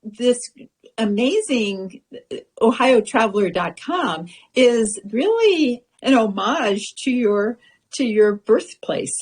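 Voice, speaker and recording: A woman hosts a casual radio interview at a slow, unhurried pace. She asks her questions with small restarts and friendly reactions. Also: a little high, very animated, darkish tone, slightly rough. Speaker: radio show host.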